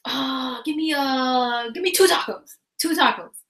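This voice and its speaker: A woman's voice: high-pitched, a little slow, fairly bright tone, recorded from a distance. A woman putting on the voice of a scruffy homeless man who stammers and repeats himself. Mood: bumbling. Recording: roomy echo.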